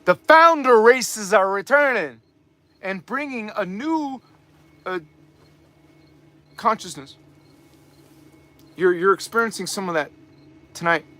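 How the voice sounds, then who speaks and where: A man with a high voice preaches on a live spiritual stream, and his tone comes across sharp and forceful. He talks emphatically, circles back over his points and breaks into mocking asides. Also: lively intonation, slow, pauses often, no echo. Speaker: spiritual teacher and channel host. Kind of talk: live spiritual teaching talk.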